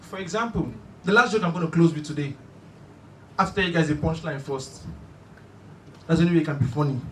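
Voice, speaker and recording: A man performing a stand-up comedy set, telling stories in an animated, shouty way and slipping into preaching. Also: a little high, fairly quick. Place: live comedy stage. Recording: echoey hall, mic at a distance, faint room noise.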